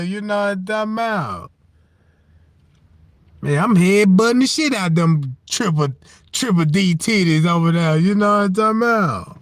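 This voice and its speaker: A man's voice: high-pitched, animated, normal speed, no echo. A man hosting a livestream and telling a rambling comic story, laughing often. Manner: rambling, keeps asking "you know what I'm talking about", laughs often. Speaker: livestream host.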